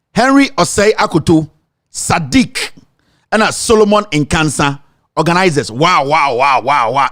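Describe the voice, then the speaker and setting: A man with a Ghanaian accent hosting opinionated political commentary, speaking emphatically with drawn-out exclamations. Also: high voice, dry recording, studio quality.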